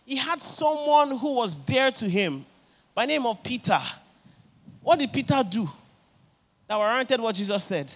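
Speaking in an extremely high pitch, a man preaches a little slowly, leaving long pauses. His sermon is filled with animated stories in which he voices each character himself.

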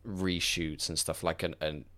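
A man's voice: sits low, flat delivery, measured pace, bright, forceful tone. A man co-hosting a casual chat, tired and yawning, trailing off and restarting as he talks. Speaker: podcast co-host.

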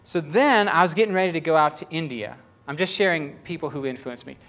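A man's voice: on the high side, fairly quick, a bit bright. A man preaching a sermon in a conversational, emphatic way.

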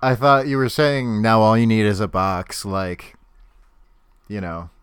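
A man chatting casually on a podcast about a cartoon, agreeable and quick to laugh. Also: fairly low pitch, smooth, dry recording. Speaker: podcast co-host.

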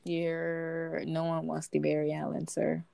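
A woman's voice: deep voice, monotone, unhurried, gravelly, mellow, clean tone, dry recording. A young woman co-hosting a casual podcast, firing back dry, wry comebacks. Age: young adult. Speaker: podcast co-host. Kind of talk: casual chat.

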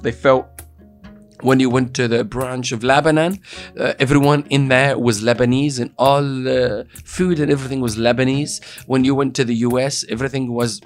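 A man hosting a casual chat show, playful and joking, fond of trying silly accents. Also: mid-range voice. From expat living in Dubai. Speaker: show host.

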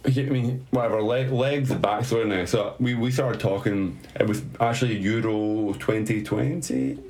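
A man's voice: fairly low pitch, steady tone, moderate pace, creaky, darkish tone. A man telling a story in a casual chat, swearing, laughing and mocking himself. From Scotland.

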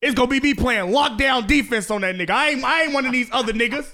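A man's voice: very high voice, quick pace, pushed and bright. A young man from Chicago trash-talking in casual podcast banter, boastful and heated, repeating himself.

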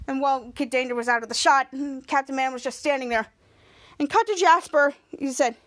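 A woman with a high voice hosts a podcast and recaps a TV episode scene by scene. She rambles, restarts her sentences and giggles as she goes. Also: a little fast. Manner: rambling, self-correcting, giggly. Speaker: podcast host.

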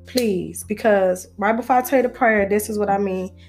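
Chatty woman with soft guitar behind. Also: mid-range voice, moderate pace. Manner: chatty, playful, preachy. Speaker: vlogger. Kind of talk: casual chat to camera.

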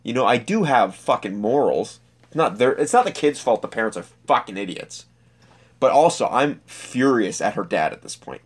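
A young man telling a personal story in a casual, profane, animated way. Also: medium pitch, moderate pace, slightly rough. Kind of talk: personal anecdote monologue.

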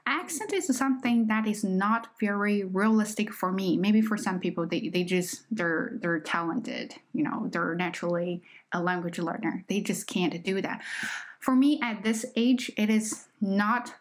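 A woman's voice: mid-range voice, a little slow. A woman with a Chinese accent, a native Chinese speaker and English teacher, talking earnestly and reflectively to her listeners in a casual solo podcast. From China.

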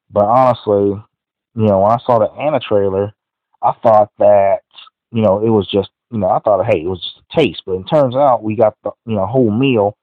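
A podcast host with a fairly low voice gives a casual, rambling movie review full of "you know." The audio is dry and phone-like, with no echo.

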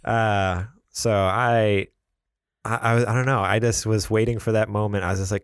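Low-voiced podcast guy retelling movie scenes, dry close sound, lots of "like"s. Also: no room sound. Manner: animated storyteller, acts out scenes with quick asides. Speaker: podcast co-host. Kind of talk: casual chat.

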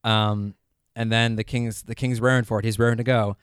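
A man co-hosting a casual podcast, recapping an episode with lively asides and playful quoted lines. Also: medium pitch, a little fast, clear, resonant tone, no echo, clean studio sound. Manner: animated, acts out scenes with quoted voices. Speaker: podcast co-host. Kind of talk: casual chat.

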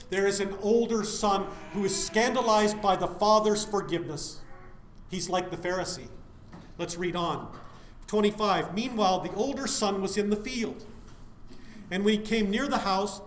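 A man's voice: sits high, roomy sound, a little hiss or hum. A man preaching a sermon, putting questions to his listeners and answering them himself.

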